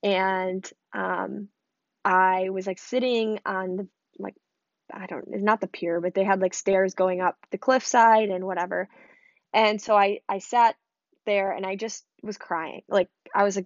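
A woman's voice: medium pitch, fairly even intonation, measured pace, no echo. Woman, 20s, from Michigan; casual rambling vlog storyteller, leans on "like"; dry, slightly dull recording. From Michigan, USA.

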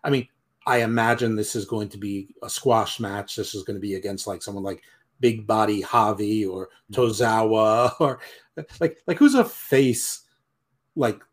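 A man's voice: on the low side, moderate pace. Rambling, opinionated male podcast co-host. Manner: opinionated, rambling, trails off into mumbles. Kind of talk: casual chat.

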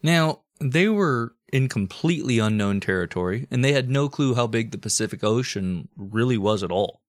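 A man's voice: mid-range voice, normal speed, dry recording, studio quality. Profane joking man telling history. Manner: profane, joking, deadpan storytelling. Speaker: podcast co-host. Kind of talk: crude comedic history chat.

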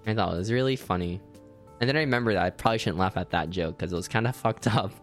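A young man co-hosting a podcast, excitable and swearing freely in casual banter. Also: low voice, fast talker, soft background music. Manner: excitable, swearing, jumping between topics. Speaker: podcast co-host.

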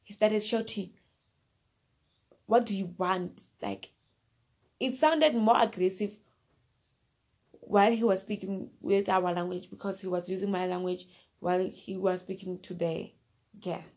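A woman's voice: mid-range voice, steady tone, unhurried, pauses often, a little mellow. A woman casually telling a personal story, rambling and repeating herself, often turning to the listener directly. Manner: rambling, repeats phrases and fillers.

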